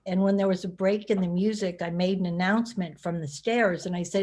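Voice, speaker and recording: A middle-aged woman from California, an author giving a talk, telling a lively anecdote in a conversational way with plenty of fillers. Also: lowish voice, brisk, hardly any pauses. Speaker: guest speaker, author. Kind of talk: storytelling talk.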